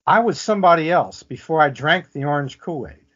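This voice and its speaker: A man's voice: on the high side, lively intonation, brisk, a bit bright. A man quoting a dazed young woman who wonders aloud as if speaking to an audience, on muffled lo-fi audio. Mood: lost, searching. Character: dazed young woman lost in her own thoughts.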